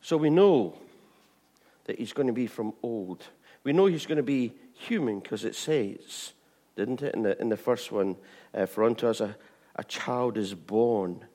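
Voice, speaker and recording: A man preaching an informal sermon, chatty with repeated asides, swinging from bright emphasis to hushed tones. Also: medium pitch, a little slow. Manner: chatty, with frequent "you know what I mean" and restarts.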